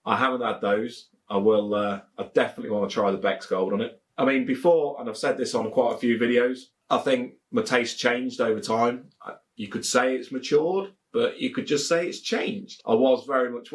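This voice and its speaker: Here's a beer reviewer from England, Leicestershire accent and mid-range voice, talking casually into the camera. He tends to ramble, keeps it jokey, and repeats himself.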